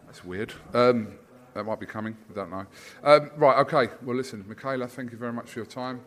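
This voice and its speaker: A man's voice: medium pitch, a little fast, fairly bright tone. A man interviewing a fighter in a casual, jokey way with lots of fillers. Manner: jokey, teasing, filler-heavy.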